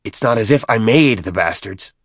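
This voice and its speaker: A man's voice: lowish voice, expressive, moderate pace, a bit bright, no echo, studio quality. A man voicing a younger male alien official, drunk and weary, with slurred, petulant speech. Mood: exasperated.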